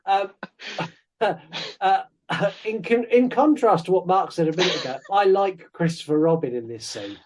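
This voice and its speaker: Male podcast co-host, slightly high voice, rambling and jokey, casual film review. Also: animated, moderate pace, a little mellow. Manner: rambling, jokey, self-interrupting.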